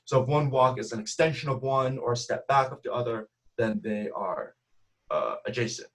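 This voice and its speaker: A man's voice: mid-range voice, moderate pace, fairly bright tone. A man giving a math seminar talk over a video call, explaining step by step and often checking in with "right?". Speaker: math speaker.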